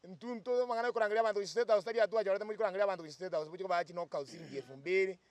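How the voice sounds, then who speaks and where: A man with a Kenyan accent gives a forceful political speech to the press. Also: high-pitched, rapid-fire. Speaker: youth speaker at a press briefing. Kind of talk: political speech in a local language.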